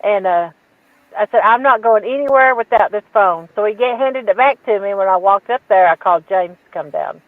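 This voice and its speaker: A woman's voice: medium pitch, animated, brisk, no room sound. A woman telling a story as a guest on a call, acting out the dialogue and laughing at herself. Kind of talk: casual storytelling. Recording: dull, dry remote call audio.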